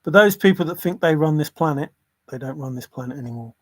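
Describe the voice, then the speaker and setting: A man's voice: on the high side, animated, fast, no room sound. A man hosting a casual livestream, rambling between topics, often chuckling and apologizing. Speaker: livestream host.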